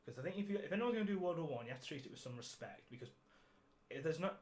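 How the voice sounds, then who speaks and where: A man's voice: fairly high pitch, animated, very fast. A man hosting a podcast, reviewing a film in casual chat, sarcastic and ranting, swearing freely and laughing at his own jokes. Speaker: podcast host.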